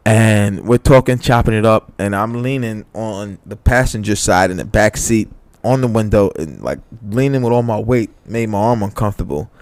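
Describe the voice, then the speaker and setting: This podcast co-host, a young man, tells a story in casual chat, swearing freely and acting out quoted lines in a raised voice. He speaks animatedly at a moderate pace in a lowish voice, with hardly any pauses and no room sound.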